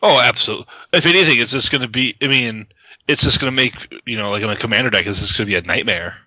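Bright-voiced man in teasing banter. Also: medium pitch, fast talker, no room sound, highs cut off. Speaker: podcast co-host. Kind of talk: casual chat about card games.

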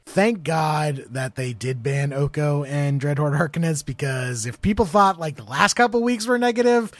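A man co-hosting a casual podcast, talking in a relaxed, joking way. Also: on the high side, normal speed, dry recording. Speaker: podcast co-host.

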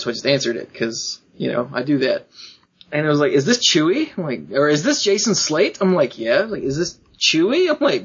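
Husky man telling a lively story. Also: fairly high pitch, lo-fi sound. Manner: animated, acts out quoted voices, laughs often. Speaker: podcast co-host. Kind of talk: casual storytelling chat.

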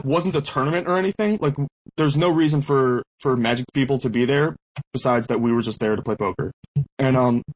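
A man's voice: medium pitch, rough recording. A young man hosting a podcast who tells a casual anecdote in a rambling way, with lots of fillers and restarts. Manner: rambling, heavy use of "like" and restarts. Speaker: podcast host.

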